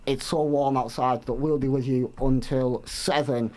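A man hosts a casual radio show from a studio, speaking at an ordinary middle pitch. He stumbles and restarts as he talks. His humour is dry. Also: fairly even intonation, darkish tone. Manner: hesitant, halting restarts with dry jokes. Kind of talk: casual student radio chat.

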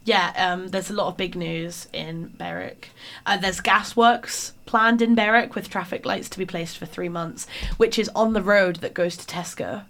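A young woman from North East England with a northern English accent, co-hosting a casual chat and reading out local news with playful deadpan humour. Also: on the low side, normal speed. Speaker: podcast co-host.

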